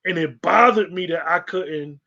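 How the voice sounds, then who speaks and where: High-voiced New man hosting. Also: moderate pace, vocal fry. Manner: relaxed, hesitant fillers, casual slang. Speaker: host. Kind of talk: casual livestream chat. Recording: dull lo-fi livestream audio.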